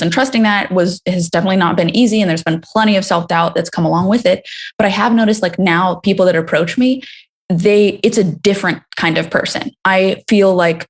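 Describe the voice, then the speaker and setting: A young woman hosting a casual conversation over a video call, talking in a halting, hesitant way with many restarts. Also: medium pitch.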